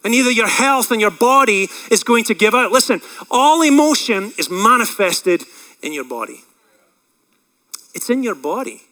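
A man preaching a sermon as pastor, swinging from loud impassioned cries down to quiet reflective talk, with fillers and restarts. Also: expressive, moderate pace, poor audio. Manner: rises to loud impassioned cries on quoted prayers, drops low and quiet when reflecting.

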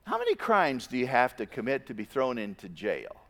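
A man preaching a sermon as a pastor, with emphatic stresses that drop into quiet, low asides. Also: huge pitch swings, fairly quick, in a large hall.

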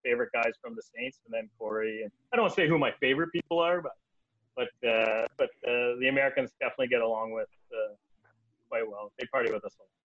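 A man from Canada with a Canadian accent, telling stories in casual chat as a guest, animated, laughing and leaping into high voices for quotes. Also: fast, dry recording, dull audio. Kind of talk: casual storytelling.

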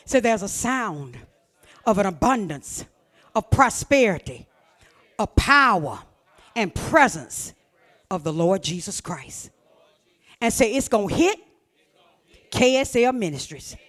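A woman preaching a fervent sermon, repeating phrases and often shouting. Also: medium pitch, very animated, slow, pauses often.

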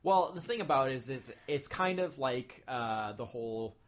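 A man's voice: medium pitch, lively intonation, normal speed. A man co-hosting a casual podcast chat, rambling with many fillers and restarts. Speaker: podcast co-host.

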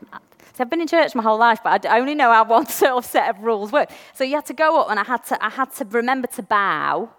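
An English woman giving a chatty, self-deprecating sermon in a church, slowing down to read scripture deliberately. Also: fairly high pitch, expressive, fairly bright tone, in a large hall. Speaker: preacher.

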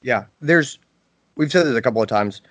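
A man's voice: mid-range voice, expressive, normal speed, a bit bright, no room sound. Reflective man, dry close sound. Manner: reflective, hesitant, with many restarts. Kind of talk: casual podcast conversation.

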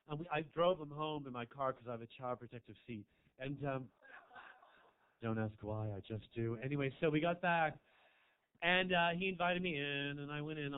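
A man's voice: a little high, smooth. A man from Marin doing a crude, camp stand-up set in a small club, rambling through a story with asides to the crowd. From Marin County, California. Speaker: stand-up comedian. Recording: tinny, phone-like live club recording.

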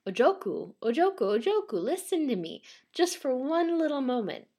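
A woman's voice: animated, normal speed, close to an everyday voice. A woman voicing a kind man in an old ghost tale, speaking in an earnest, pleading way. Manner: earnest, pleading, high and strained. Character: kind Japanese man, pleading then terrified.

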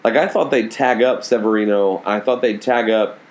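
A man with a somewhat low voice co-hosting a baseball podcast. He talks loosely, with lots of fillers. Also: moderate pace. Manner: loose, filler-heavy questions. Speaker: podcast co-host. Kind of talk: casual sports chat.

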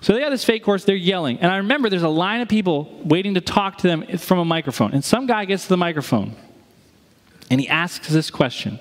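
A man's voice: sits high, lively intonation, fairly quick. A male pastor preaching a sermon, telling stories animatedly and acting out the voices of people he quotes. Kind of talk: sermon with storytelling. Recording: long hall reverb.

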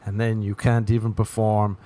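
A man's voice: on the low side, flat delivery, normal speed, warm tone. A young man delivering a rambling, profane comic monologue, sarcastic and laughing at his own jokes.

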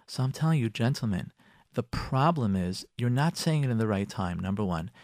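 A man, a rabbi on a radio talk show, giving marriage advice to husbands and acting out their imagined replies in quick asides. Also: lowish voice, animated, a little mellow, no echo, clean studio sound. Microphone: close studio microphone.

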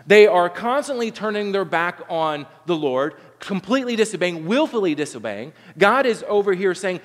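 A man's voice: high voice, animated, moderate pace, few pauses. A man in his thirties preaching a sermon, earnest and conversational, often restarting his sentences. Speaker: pastor. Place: church sanctuary. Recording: long reverb of a large hall.

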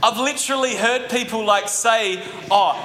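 A male pastor preaching an animated sermon, with joking asides to the congregation. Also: sits high, moderate pace, slight background noise. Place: church hall. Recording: echoey hall recording.

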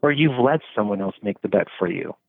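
A man's voice: lowish voice, lively intonation, a little fast, gravelly, no room sound. A man talking casually and philosophically, rambling with many fillers and swearing freely. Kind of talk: casual conversation. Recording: dry, tinny phone-like sound.

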